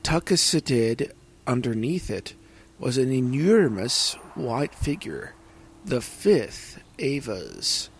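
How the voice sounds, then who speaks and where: A man narrating fan fiction aloud in an earnest, slow reading with small slips. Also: mid-range voice, very animated, breathy edge. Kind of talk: amateur audiobook narration.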